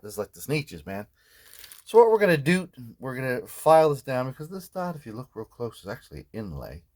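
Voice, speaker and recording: A man's voice: mid-range voice, darkish tone. An older man, narrating his guitar repair work in a joking, rambling way that keeps tagging lines with "man". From Philadelphia. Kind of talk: casual workshop narration.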